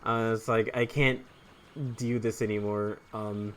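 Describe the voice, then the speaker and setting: A man's voice: on the low side, level tone, measured pace, a little hiss or hum. Young male gaming host, casual rambling storyteller, swears a lot, fillers and restarts. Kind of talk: casual storytelling over gameplay.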